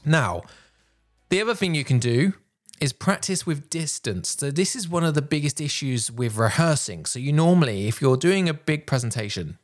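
A man coaching public speaking, talking in a projected, deliberate way with pauses, recorded on a microphone while wearing headphones. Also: medium pitch. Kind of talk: instructional talk to camera. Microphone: headphones and a normal microphone.

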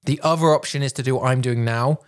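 A man coaching public speaking, talking in a projected, deliberate way with pauses, recorded on a microphone while wearing headphones. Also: mid-range voice. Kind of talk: instructional talk to camera. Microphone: headphones and a normal microphone.

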